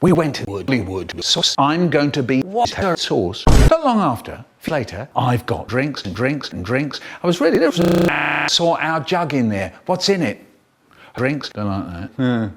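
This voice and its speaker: A man telling comic childhood stories in a theatrical way, jumping between squeaky quoted voices and low mutters. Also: sing-song, a little slow, gravelly, heavy background noise. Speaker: storyteller. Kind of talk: comic children's storytelling, spliced remix.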